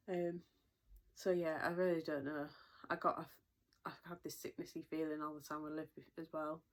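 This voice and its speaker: A woman's voice: sits low, flat delivery, moderate pace, pauses often. A young British woman chatting in a casual vlog update, rambling with lots of fillers and a little out of breath. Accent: British English. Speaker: vlogger.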